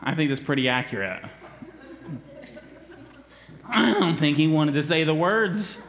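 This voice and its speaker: A man preaching a sermon as a lively storyteller, acting out the characters and coaxing volunteers from the congregation. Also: fairly high pitch, measured pace. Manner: animated, acts out characters, coaxes volunteers. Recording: long hall reverb.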